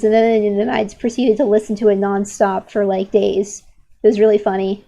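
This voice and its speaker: A woman's voice: mid-range voice, brisk, creaky, a little mellow. Teen girl streamer rambling while she draws, mid voice, says "like" a ton, super opinionated. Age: late teens. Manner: rambling and opinionated, many "like" fillers and restarts. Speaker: art streamer. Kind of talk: casual chat while drawing on stream.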